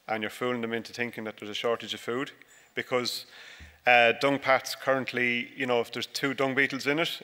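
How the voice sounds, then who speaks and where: A man, a dairy farmer, giving a relaxed, joking conference talk with many fillers and restarts, recorded by a stage microphone. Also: medium pitch. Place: large conference hall. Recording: reverberant hall.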